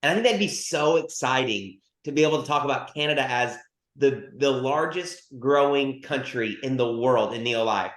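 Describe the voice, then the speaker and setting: A man's voice: medium pitch, a bit bright, reverberant. A man leading a team call, giving an upbeat, rambling motivational talk full of restarts. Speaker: team leader on a sales call.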